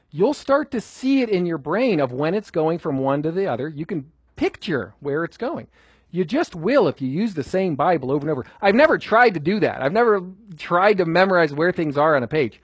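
A man's voice: sits high, breathy edge, no echo. A man teaching a group how to memorize Scripture in a conversational way, asking questions and repeating phrases for emphasis. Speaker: Bible teacher.

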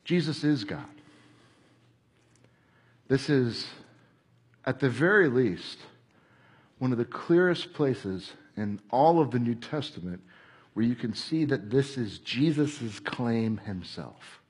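A man preaching a sermon, animated, acting out crowd voices and shouting at times. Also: mid-range voice, takes it slowly, pauses often, slightly rough.

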